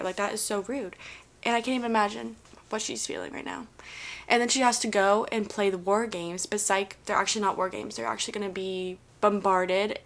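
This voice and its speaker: A woman's voice: mid-range voice, fairly bright tone. A woman vlogging about her reading in a casual, gushing way, rambling with lots of fillers. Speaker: book vlogger. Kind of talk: casual chat.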